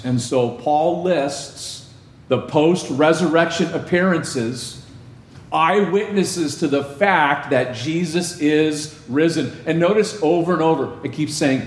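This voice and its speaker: A pastor delivers a sermon in a conversational style, repeatedly putting questions to his congregation. His voice sits on the high side and moves at a slow pace. The room is echoey with faint ambience.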